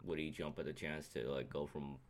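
Animated, profane man talking sports. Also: rumbling low. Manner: animated, profane, quick to laugh. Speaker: podcast co-host. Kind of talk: casual sports chat.

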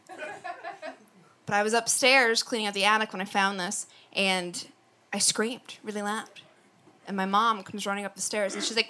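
A woman from Wisconsin doing stand-up and emceeing at a comedy club, self-mocking and animated, on a stage mic. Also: mid-range voice, moderate pace, long pauses.

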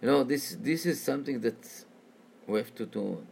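A man telling a religious story as a sermon, talking in halting, repetitive phrases. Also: medium pitch, lively intonation, creaky, a little mellow, slight background noise.

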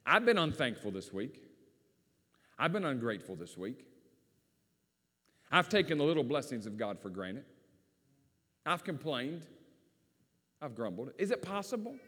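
A man's voice: mid-range voice, big pitch swings, measured pace, long pauses, fairly bright tone, slightly rough. A man with a rural Virginia accent, preaching a sermon in a folksy, storytelling way. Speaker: pastor. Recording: long hall reverb.

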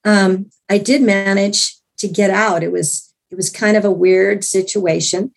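A woman guest with a gravelly, husky voice, recounting her own experience at length. She tells it earnestly and with animation, often restarting her sentences. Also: medium pitch, flat delivery, measured pace. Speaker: guest author. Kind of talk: personal storytelling in an interview.

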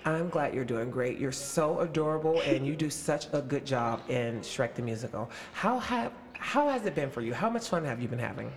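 A man's voice: medium pitch, animated, normal speed, hardly any pauses, a little hiss or hum. A man in his late twenties, an actor, chatting with young castmates in a casual, upbeat, playful interview.

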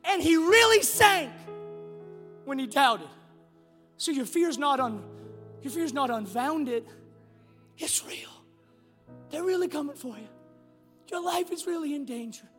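A middle-aged man, a pastor preaching a sermon in an animated way, moving from quiet storytelling to shouting. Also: very high-pitched, a little slow, long pauses, big-room sound, faint music behind.

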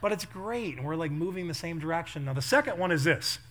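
A middle-aged pastor speaking at a quick clip in a slightly high voice. He tells his stories with lively energy, laughing often and acting out the lines of the people in them. Casual and conversational. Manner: animated, laughing, acts out quotes. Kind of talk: storytelling sermon.

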